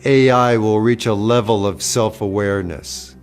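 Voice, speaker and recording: A man playing a solemn humanoid figure gaining AI powers, delivering low-budget film lines in a slow, stilted way. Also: steady tone, soft background music, natural voice.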